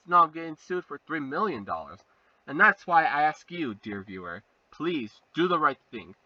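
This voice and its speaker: A young man giving a sarcastic comedic review, animated, jumping into silly voices. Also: fairly high pitch, no room sound, distant mic. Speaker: video reviewer. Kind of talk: comedic fake review monologue. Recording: muffled voice, a bit off-mic.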